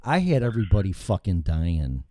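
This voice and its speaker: A man's voice: deep voice, normal speed, a little hiss or hum. A man hosting a casual talk show, telling rambling, profane stories with lots of energy on a studio mic with headphones. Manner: profane, rambling, animated storytelling. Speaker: show host.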